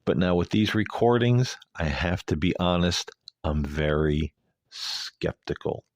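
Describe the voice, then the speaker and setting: A man's voice: deep voice, lively intonation, measured pace, no room sound, studio quality. A male host giving a rambling, hesitant, earnest solo commentary.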